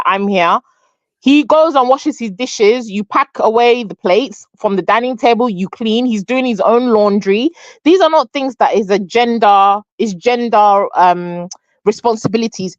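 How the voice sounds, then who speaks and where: A woman's voice: fairly high pitch, no echo. Matter-of-fact woman, dull dry audio. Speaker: guest, parent of sons.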